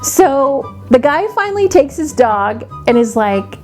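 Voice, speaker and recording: A woman's voice: high-pitched, very animated, a little slow, few pauses, darkish tone, soft background music. A woman beauty vlogger chatting casually, animatedly telling a story and acting out the people in it.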